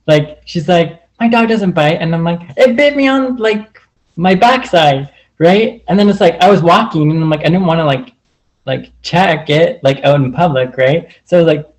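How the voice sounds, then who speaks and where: A man's voice: on the high side, a little mellow, low-quality recording. Rambling man telling a story. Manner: rambling, full of "like" and re-enacted quotes. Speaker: group call participant. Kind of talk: personal storytelling on a video call. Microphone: video call.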